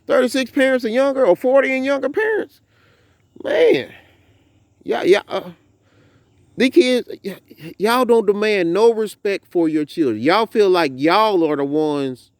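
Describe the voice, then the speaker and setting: Southern man in his thirties, lively preachy farm vlogger, higher-pitched, dry close sound. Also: moderate pace, no room sound. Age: 30s. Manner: animated, preachy storytelling. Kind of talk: casual outdoor vlog. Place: outdoors on a farm.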